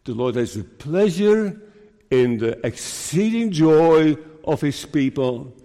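A man preaching an earnest sermon as minister, with slow deliberate delivery and emphatic rises. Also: on the high side, expressive, mellow, big-room sound.

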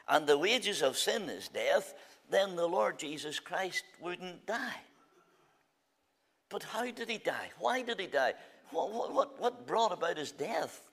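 A man preaching a fervent sermon at a church meeting, swinging between loud declarations and quiet, drawn-out phrases. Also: high voice, sing-song.

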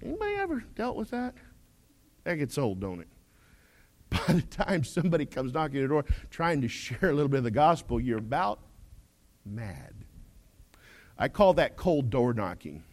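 With a medium-pitched voice, huge pitch swings, normal speed, and frequent pauses, a male pastor delivers a sermon. He's folksy and funny, alternating loud proclamations with quiet asides as he puts questions to the congregation.

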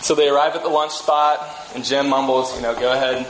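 A man giving a conversational sermon, telling a story with relaxed restarts. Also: medium pitch, fairly quick, a little hiss or hum. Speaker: pastor. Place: church sanctuary. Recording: echoey room with faint ambience.

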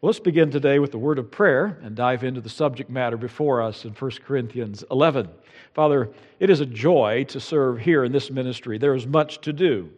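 A man's voice: medium pitch, darkish tone. A man pastor preaching a sermon in a church, telling stories with conversational asides. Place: church sanctuary with long reverb. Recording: reverberant church hall.

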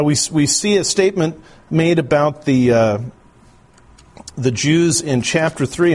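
A male pastor giving an earnest, explanatory sermon, often restarting his phrases. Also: medium pitch. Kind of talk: expository sermon.

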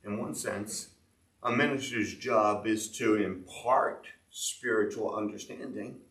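A man's voice: lowish voice, slow, fairly bright tone. A man preaching a sermon as a pastor, earnestly explaining scripture and reading verses aloud. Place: church. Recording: echoey church room, mic at a distance.

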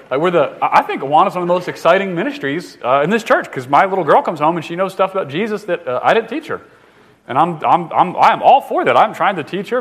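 A man in his thirties, a pastor preaching in a quick, chatty way, tripping over his words and restarting as he goes. His voice sits a little high for a man, and his delivery stays loose and joking. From northern United States. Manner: fast-talking, conversational, jokey, with frequent restarts. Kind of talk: sermon.

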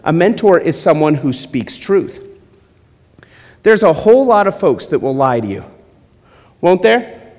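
A man's voice: a little high, very animated, measured pace, long pauses, a little mellow. A male pastor preaching a sermon, teasing and joking with his congregation between points. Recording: long hall reverb.

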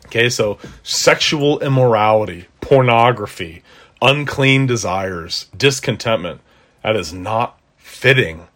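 A man's voice: on the low side, fairly bright tone. A man preaching an expository sermon, earnest and conversational, with emphatic rises on key points.

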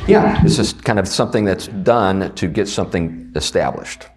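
Deep-voiced Southern man teaching a Bible class. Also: normal speed, a little hiss or hum. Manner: conversational, animated, asks the class questions. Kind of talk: teaching a class on a confession of faith.

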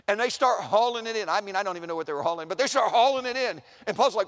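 High-voiced man preaching in a chapel hall. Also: quick pace. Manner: animated, acts out quoted voices, asks the room questions. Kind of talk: sermon. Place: large chapel. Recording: long reverb of a large chapel.

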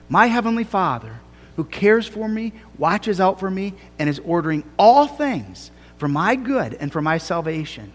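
A man preaching a sermon as a pastor, earnest and emphatic, with slow, deliberate phrasing that rises to fervent cries. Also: sits high. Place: church sanctuary. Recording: long reverb of a church hall.

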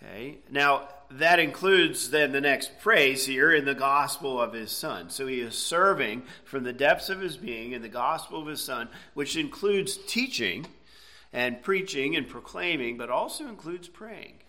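A man's voice: medium pitch, lively intonation, a little slow, sharp tone. A middle-aged man preaching a sermon, explaining a passage in a conversational way and checking in with "okay?" and "right?". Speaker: pastor.

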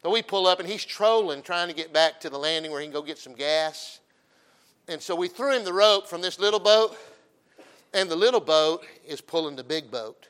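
A middle-aged man preaching in a folksy, joking way. His voice is bright and forceful, sitting a little high for a man. He swings from loud, punchy emphasis to quiet, storytelling asides. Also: lively intonation, moderate pace, clean tone. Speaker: pastor.

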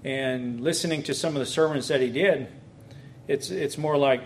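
A man, a pastor, giving a teaching talk on preaching in a lively, conversational way, with bursts of excitement. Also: medium pitch, moderate pace, slight background noise.

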